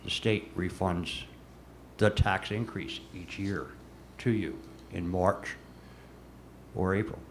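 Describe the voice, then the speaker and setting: A man's voice: low voice, slow, long pauses, slight background noise. Emphatic New man at a council meeting. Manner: emphatic, repeats words when pressing a point. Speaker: city commissioner.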